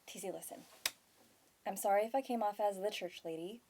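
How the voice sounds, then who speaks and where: A woman's voice: mid-range voice, fast, background noise, lightly acted. A woman playing an earnest, guilt-ridden mother. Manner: earnest, hesitant. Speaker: actor in a scene. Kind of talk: stage scene acting.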